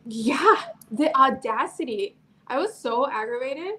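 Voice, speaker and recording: Chatty woman, higher voice, lots of "like". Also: a little slow, poor audio. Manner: chatty and animated, peppered with "like". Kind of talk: casual chat.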